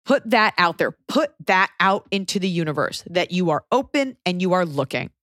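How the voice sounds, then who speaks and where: A woman's voice: lively intonation, normal speed, a bit bright, no room sound, clean studio sound. A woman hosting an advice podcast, blunt and sarcastic, acting out quoted people in a casual chat. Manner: blunt, sarcastic, acts out quoted people with big pitch jumps. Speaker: podcast host giving advice.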